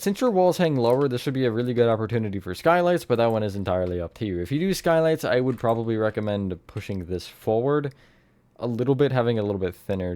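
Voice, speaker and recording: A man's voice: mid-range voice, a little mellow, smooth. A young man narrating a casual building tutorial, rambling and hedging, often correcting himself. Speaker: Minecraft tutorial host.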